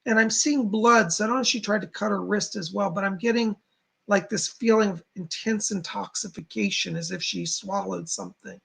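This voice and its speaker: A man who is a psychic medium giving live readings to viewers in a halting, reassuring way, speaking to them directly. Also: high-pitched, gravelly, fairly bright tone, slightly rough.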